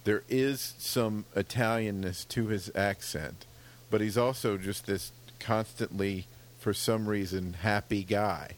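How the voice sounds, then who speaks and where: A man co-hosting a podcast, making his case in a thoughtful, measured way in casual chat. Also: on the low side, steady tone. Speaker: podcast co-host.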